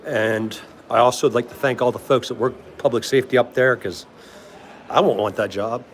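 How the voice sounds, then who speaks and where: A man's voice: medium pitch, fairly even intonation, fairly quick, a little hiss or hum. A middle-aged man with a DC accent, chatting casually on a livestream in a rambling way, laughing often and answering viewer comments. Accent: DC area. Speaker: livestream host.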